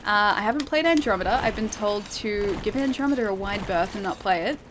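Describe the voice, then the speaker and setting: A woman's voice: medium pitch, lively intonation, a little fast, background noise. A woman game streamer chatting casually with viewers, enthusiastic and full of fillers. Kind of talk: casual chat answering viewers during a live stream.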